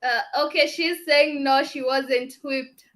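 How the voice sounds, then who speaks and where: Woman host, high bright voice, reads viewer comments, casual chat. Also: steady tone, slow. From Africa.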